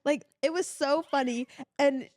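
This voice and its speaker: A woman's voice: sits high, a little slow, a little mellow, no room sound, clean studio sound. A woman co-hosting a podcast, chatting in a bubbly way and leaning on "like". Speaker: podcast co-host. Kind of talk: casual chat.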